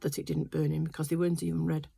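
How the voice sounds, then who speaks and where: A woman's voice: low voice, level tone, very fast, vocal fry, dark tone, breathy edge, no room sound. An older woman chatting casually in her sewing room, telling a rambling family story full of fillers. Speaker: quilting vlogger. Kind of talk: casual chat.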